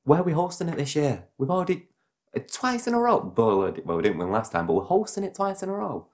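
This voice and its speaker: A man's voice: fairly high pitch, sing-song, fast. A young man with a Manchester accent co-hosting a podcast, talking in a playful, rambling, jokey way. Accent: Mancunian. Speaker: podcast co-host. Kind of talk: casual chat.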